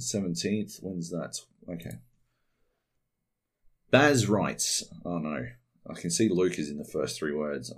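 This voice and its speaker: A man's voice: sits low, breathy edge. An Australian man hosting a podcast alone, rambling casually and swearing freely. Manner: rambling, heavy swearing, animated. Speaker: podcast host. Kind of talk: casual solo podcast monologue.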